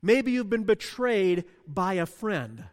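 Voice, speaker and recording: A man's voice: high voice, big pitch swings, slow pace, long reverb tail. A man preaching a sermon, telling a personal story and putting questions to the congregation. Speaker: pastor.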